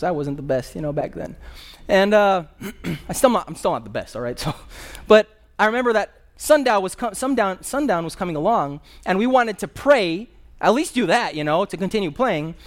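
A male pastor preaching a sermon in a conversational storytelling manner, with personal asides. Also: high-pitched.

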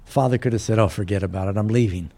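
A man's voice: fairly low pitch, fast, vocal fry, mellow. A man preaching a sermon, retelling a Bible story and briefly voicing its characters. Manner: storytelling, voicing biblical characters with varied emphasis.

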